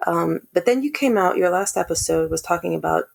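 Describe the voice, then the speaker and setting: A woman's voice: lowish voice, brisk, creaky. A woman guest earnestly telling a personal family story in casual conversation. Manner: earnest, animated when quoting others. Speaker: podcast guest.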